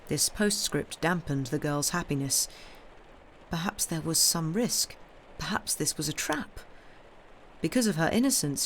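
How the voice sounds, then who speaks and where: A woman reading a classic novel aloud on a live stream, in a steady, measured storytelling voice with the odd small restart. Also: deep voice, a little hiss or hum. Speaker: reader. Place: home streaming setup.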